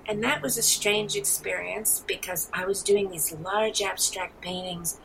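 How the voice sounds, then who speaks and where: A woman in her seventies with a New York accent, telling rambling, animated stories as an interview guest. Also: mid-range voice, a little slow, vocal fry, background noise. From New York City. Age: 70s. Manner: rambling, animated storyteller with frequent restarts. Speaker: guest artist. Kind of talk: casual interview.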